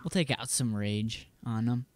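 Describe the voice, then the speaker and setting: A man's voice: mid-range voice, measured pace. A man hosting a podcast in a laid-back, casual way, swearing now and then. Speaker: podcast host.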